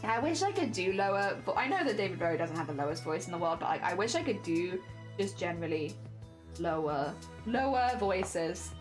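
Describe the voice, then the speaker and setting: A woman streamer in casual live-stream chat with a high-pitched voice, chatty and self-deprecating, often giggling. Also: expressive, a little fast, soft background music.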